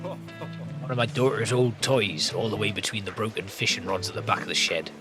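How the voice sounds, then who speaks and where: A man's voice: lowish voice, normal speed, music in the background, close to an everyday voice. A man voicing a chatty old seaside shed keeper in a cozy game, with a homely, rambling manner.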